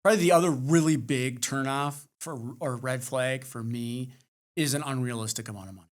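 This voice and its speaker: A man co-hosting a podcast, talking bluntly and swearing casually in relaxed chat. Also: mid-range voice, fairly quick. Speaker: podcast co-host.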